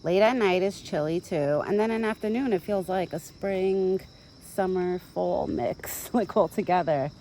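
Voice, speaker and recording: A woman's voice: lowish voice, normal speed, dark tone, a little hiss or hum, low-quality recording. A young woman chatting casually to her phone camera outdoors in a rural yard while she feeds a deer, rambling and talking fondly to the animal. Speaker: vlogger feeding a backyard deer. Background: insects and countryside ambience.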